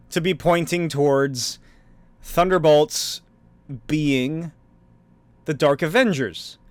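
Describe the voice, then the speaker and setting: A man hosting a solo podcast in a casual, rambling way, full of fillers and little chuckles. His voice sits a bit high for a man and sounds close and dry. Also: no room sound. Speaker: podcast host.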